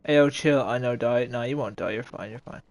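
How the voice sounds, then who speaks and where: A man's voice: mid-range voice, a little fast, no echo. A man streaming a game, chatting casually with friends and bursting into laughs and swearing. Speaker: livestream gamer. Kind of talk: casual gaming stream chat.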